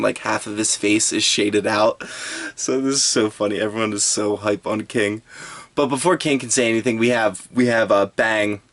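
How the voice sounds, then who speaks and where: A low-pitched man talking casually through a manga chapter. He rambles, restarts his sentences and fills the gaps with "uh" and "um.". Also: fairly bright tone. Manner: rambling, with many fillers and restarts. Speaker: manga reviewer. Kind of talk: casual chat.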